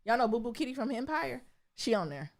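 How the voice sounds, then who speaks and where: A woman co-hosting a podcast, chatting casually in an animated, candid way and swearing freely. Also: on the high side, a little fast. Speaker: podcast co-host. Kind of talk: casual chat.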